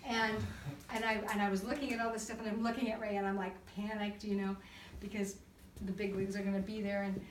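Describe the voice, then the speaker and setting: A woman counselor talking to a church group, telling stories in an animated way, acting out voices and laughing often. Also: medium pitch, fairly quick, a little hiss or hum. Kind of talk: church talk to a live group. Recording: echoey room recorded from far off.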